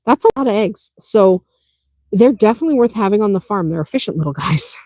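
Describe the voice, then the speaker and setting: A woman's voice: mid-range voice, lively intonation, quick pace, warm tone, no echo. A woman who runs a small farm, answering viewer questions in a chatty, practical way, laughing easily and driving points home with "okay?". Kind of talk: casual Q&A explanation.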